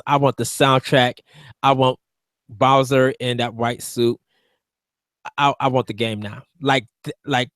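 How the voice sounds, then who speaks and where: A man of middle pitch co-hosts a gaming stream, chatting eagerly and guessing about upcoming releases. His voice sits close and dry, with no room sound around it. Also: a bit bright, no room sound. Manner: eager, speculative, talks in quick loose bursts. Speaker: co-host of a live watch stream. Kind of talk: casual gaming chat.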